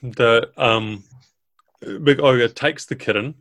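A man narrating as game master of a tabletop game, relaxed with fillers. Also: mid-range voice, slow, no echo.

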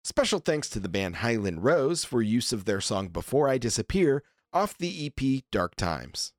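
A man's voice: mid-range voice, big pitch swings, moderate pace, no echo, clean studio sound. A man who is the game master and host of a tabletop podcast, reading the episode credits in an upbeat announcer style.

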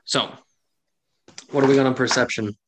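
A man runs a tabletop game as its game master, narrating the scene at an ordinary mid pitch. He talks in a chatty way, full of fillers, and laughs often. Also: fairly even intonation, normal speed, slight background noise.

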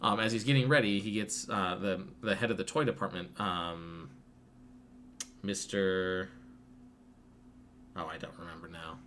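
A man's voice: low-pitched, steady tone, a little slow, pauses often, a bit bright, a little hiss or hum. A man casually retelling a film to a friend, rambling with lots of fillers and profanity. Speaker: podcast co-host recapping a film. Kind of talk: casual retelling with acted quotes.

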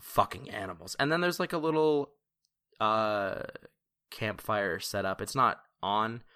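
A young man running a tabletop role-playing game, describing the scene loosely with lots of fillers and easy laughter. His voice is bright and forward while sitting somewhat low. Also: lively intonation, measured pace, clean tone. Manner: loose, chatty, laughs often, many fillers. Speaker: game master.

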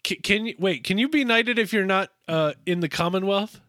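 A man's voice: high voice, a bit bright, no room sound, clean studio sound. A man co-hosting a casual podcast, recapping a TV episode in an upbeat, jokey way. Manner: upbeat, quick to laugh, jokey. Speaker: podcast co-host.

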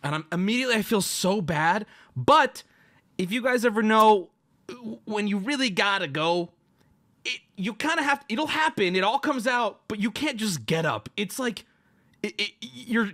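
A man hosting a stream, telling a crude story in a loud, animated rant and acting out the other people in it. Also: high-pitched. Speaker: streamer host.

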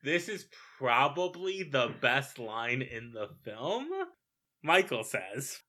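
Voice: mid-range voice, expressive, slow, bright, forceful tone. A podcast co-host giving wry, opinionated commentary while recapping a film in casual chat.

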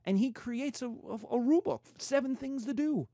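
A man's voice: very high-pitched, normal speed, mellow, no room sound, studio quality. A man giving a casual, irreverent history lecture, acting out quotes in slangy voices.

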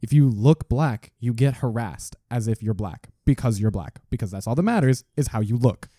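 A man co-hosts a loose podcast chat, ranting and swearing with frequent laughs. His voice sits very dark and mellow. The recording is dry, with no room sound. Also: medium pitch, lively intonation, normal speed, no echo. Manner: profane, ranting, laughs often. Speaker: podcast co-host.

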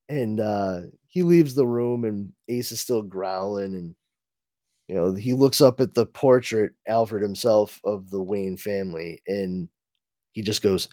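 A man's voice: fairly low pitch, unhurried, mellow, dry recording, studio quality. A man co-hosting a podcast, recapping a comic book in a casual, laughing way with many fillers. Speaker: podcast co-host.

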